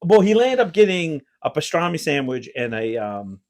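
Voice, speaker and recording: A podcast host telling a family story in casual chat, laughing often and acting out others' lines with sudden shifts. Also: normal speed. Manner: animated, acts out family members' lines with big pitch jumps; laughs often mid-story, stammers and restarts.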